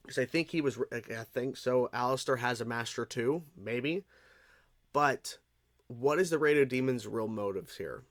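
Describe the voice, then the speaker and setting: A man's voice: mid-range voice, fairly bright tone, dry recording. A man hosting a reaction video, commenting casually in a rambling way. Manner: rambling, many fillers and restarts.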